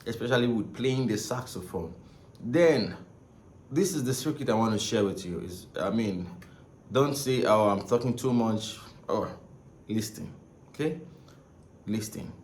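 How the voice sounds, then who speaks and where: A man's voice: fairly low pitch, expressive, unhurried, long pauses, a little mellow. Rambling male saxophone teacher, echoey room. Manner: rambling, repeats himself, frequent "right?" and "okay?". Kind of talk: casual spoken lesson. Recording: echoey room with faint ambient noise.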